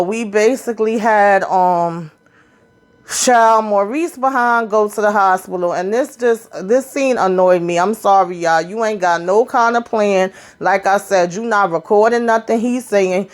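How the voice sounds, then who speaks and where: A woman giving a casual, sassy recap of a TV episode, blunt and swearing freely as she comments. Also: medium pitch.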